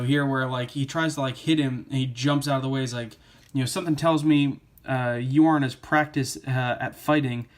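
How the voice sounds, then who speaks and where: A man giving a casual spoken comic book review, rambling with lots of fillers like "uh" and "you know". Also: medium pitch.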